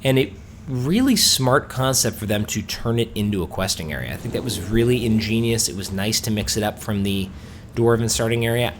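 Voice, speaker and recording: A man's voice: on the low side, slight background noise. A man hosting a let's play, chatting enthusiastically and reading quest dialogue aloud in a storytelling tone. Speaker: gaming host.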